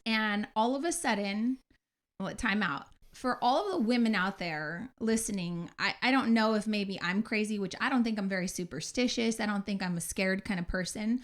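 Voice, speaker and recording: A woman in her forties, a podcast co-host, telling a story in casual chat, animated and acting out her own outbursts with swearing. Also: mid-range voice, moderate pace. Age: 40s.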